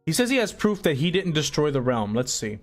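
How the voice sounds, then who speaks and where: A man's voice: a little high, very animated, brisk. A man live-streaming a game, chatting loosely with viewers in slang-filled, rambling talk. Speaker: gaming streamer. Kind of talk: casual live-stream chat while playing. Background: soft background music.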